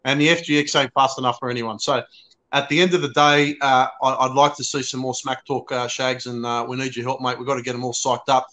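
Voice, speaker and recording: Bright, cheeky Australian man. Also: mid-range voice, level tone, brisk. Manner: cheeky, banter-heavy, says mate often. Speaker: guest, fellow show host. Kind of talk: casual live-stream chat.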